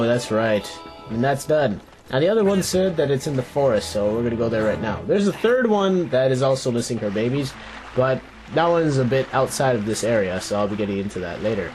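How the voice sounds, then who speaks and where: A man's voice: mid-range voice, sing-song, a little fast, darkish tone, slight background noise. A young man hosting a let's play, giving playful, jokey gameplay commentary, rambling and talking to the characters on screen. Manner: rambling, restarts his sentences. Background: game music.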